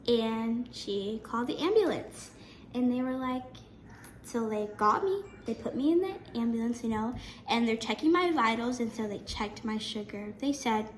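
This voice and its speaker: A teenage girl with a high voice chats to her viewers, animated and quick to restart her sentences. She is recorded in an echoey room with a faint hum in the background. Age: teen. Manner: chatty, animated, frequent restarts. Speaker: vlogger. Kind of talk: casual storytelling to camera.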